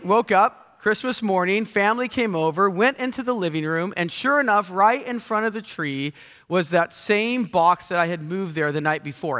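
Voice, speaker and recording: A man's voice: sits high, pushed and bright. A man in his thirties, a pastor giving a sermon with playful, self-mocking storytelling. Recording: long hall reverb.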